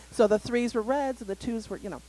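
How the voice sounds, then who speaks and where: A woman's voice: on the high side, normal speed, warm tone, a little hiss or hum, poor audio. A woman on a live community panel, telling a story animatedly and acting out the quotes. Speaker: parent panelist. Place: community center event.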